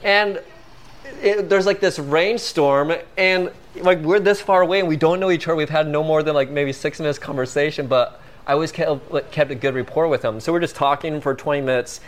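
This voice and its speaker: Animated man telling a story. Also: fairly high pitch, brisk. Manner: animated, filler-heavy, peppered with "like". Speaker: guest. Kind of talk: casual storytelling.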